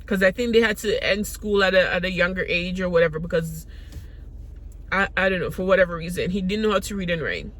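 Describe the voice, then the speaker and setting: Her voice sits on the low side and moves a little fast. She is a Caribbean-raised vlogger telling her audience personal stories on camera, open and meandering, with many restarts.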